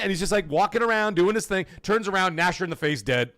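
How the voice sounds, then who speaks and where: A man hosting a gaming livestream, loudly shouting out chat donations and swearing casually. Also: high-pitched, lively intonation, fast talker, few pauses, dry recording, clean studio sound. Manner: loud, hyped shout-outs reading chat donations. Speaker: livestream host. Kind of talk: energetic live stream chat.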